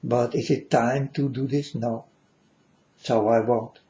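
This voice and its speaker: Speaking slowly in a mid-range voice with a steady, dark tone, this man vlogs an earnest sermon-like monologue that circles back on itself, calling his audience "folks." The audio has a dull, lo-fi quality.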